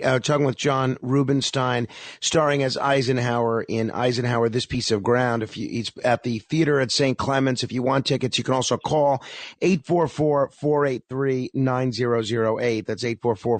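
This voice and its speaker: A man hosting a radio interview who introduces his guest and asks plain, clear questions. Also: on the high side, no room sound. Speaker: radio host.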